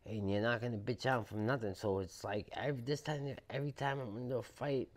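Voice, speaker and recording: A man with a Boston accent, a podcast guest telling prison stories in a loud, profane, animated way, acting out the quotes. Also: medium pitch, brisk. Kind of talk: casual storytelling interview.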